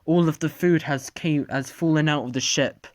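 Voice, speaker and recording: A narrator telling an improvised story in a halting way, often restarting sentences. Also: medium pitch, no room sound, studio quality.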